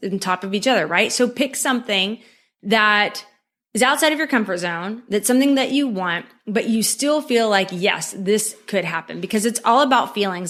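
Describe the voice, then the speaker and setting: A woman's voice: medium pitch, a bit bright. A woman hosting a podcast, giving upbeat motivational coaching and talking straight to the listener, checking in with a frequent "okay?". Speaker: podcast host.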